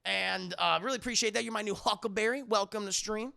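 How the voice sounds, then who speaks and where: A man streaming a casual, profane film breakdown to his live chat, excitable and quick to laugh. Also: high voice, vocal fry.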